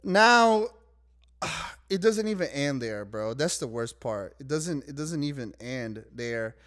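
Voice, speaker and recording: A man's voice: mid-range voice, expressive, slow pace, a bit bright. A young man ranting in a casual vlog, rambling and exasperated, swapping swear words for milder ones. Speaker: vlogger.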